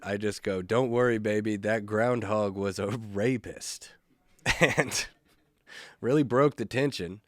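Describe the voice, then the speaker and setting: A male comedian hosts his solo podcast with a fairly low voice, rambling loosely through stories. He swears casually and pokes fun at himself. The recording is close and dry. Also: no room sound. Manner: laid-back, rambling, profane, self-mocking.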